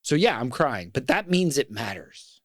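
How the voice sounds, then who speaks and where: A man's voice: mid-range voice, big pitch swings, moderate pace, no room sound, studio quality. A middle-aged man in casual podcast conversation, speaking in an earnest, reflective way. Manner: earnest and reflective, talks about fatherhood with feeling. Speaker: podcast co-host.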